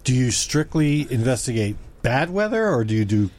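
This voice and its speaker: A man's voice: mid-range voice, big pitch swings, moderate pace, darkish tone. A man hosting an interview in a casual, joking, teasing way. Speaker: host.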